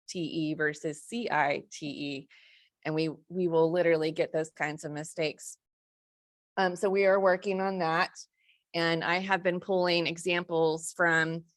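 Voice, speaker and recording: A woman's voice: low-pitched, a bit bright, no room sound, clean studio sound. A woman speaking as a faculty fellow on a panel, in a conversational way with many fillers and self-corrections.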